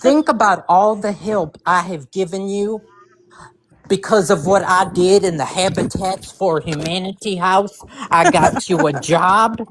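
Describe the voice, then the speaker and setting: A woman's voice: medium pitch, measured pace, slight background noise. A woman on a live-stream panel delivering a rambling, theatrical comic rant.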